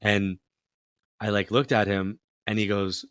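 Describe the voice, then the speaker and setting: In a casual interview, a middle-aged psychic medium relates a story with a lowish, clear, resonant voice at a slightly slow pace. He animatedly acts out quotes and leans on many fillers; the sound is dry and clean, studio-grade.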